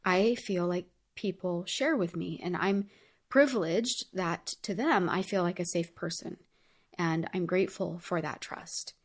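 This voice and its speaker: A woman's voice: on the low side, unhurried. A woman hosting her own show, talking through a personal story in an earnest, heartfelt way, chatty and full of casual fillers. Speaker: podcast host. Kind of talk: personal reflective monologue.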